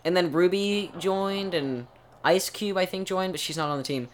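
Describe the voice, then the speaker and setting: A man's voice: high-pitched, moderate pace. A man co-hosting a podcast, chatting casually and rambling through explanations with many restarts. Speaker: podcast co-host. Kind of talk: casual chat.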